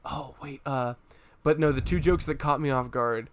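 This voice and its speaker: A young man co-hosting a podcast in casual chat, excitable, laughing often and acting out scenes as he tells them. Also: mid-range voice, normal speed. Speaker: podcast co-host.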